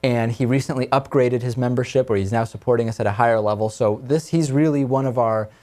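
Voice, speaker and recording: A man's voice: mid-range voice, steady tone, quick pace, darkish tone. A man hosting a talk radio show, leading casual discussion with his co-hosts in a conversational way.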